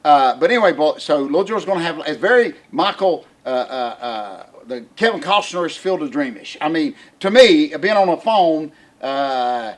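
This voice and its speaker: An older man, telling a family story in casual podcast chat, animated and laughing often. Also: a little high, normal speed, few pauses. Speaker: podcast co-host.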